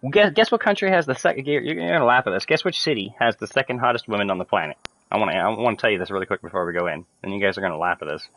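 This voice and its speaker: A man's voice: low voice, racing, fairly bright tone. A man chatting casually while playing a video game, rambling with lots of fillers and swearing freely. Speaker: gamer streaming to friends.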